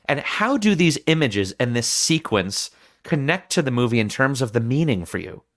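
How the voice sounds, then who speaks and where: A man's voice: mid-range voice, moderate pace. Man hosting a film podcast. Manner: animated storytelling with acted-out quotes. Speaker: podcast host. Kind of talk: film podcast chat, summarizing scenes.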